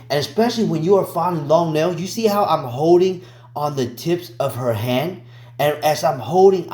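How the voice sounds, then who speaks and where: A man's voice: fairly high pitch, darkish tone. Chatty man teaching nails, roomy sound. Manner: chatty, slangy, addresses viewers as y'all; joking, teasing asides. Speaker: nail technician teaching. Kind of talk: casual voice-over tutorial.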